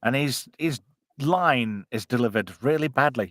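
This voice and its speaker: A man's voice: mid-range voice, animated, a little slow, a bit bright, no room sound, studio quality. A man hosting a casual, jokey live-stream commentary on a film. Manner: chatty, jokey, puts on silly voices. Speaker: podcast co-host.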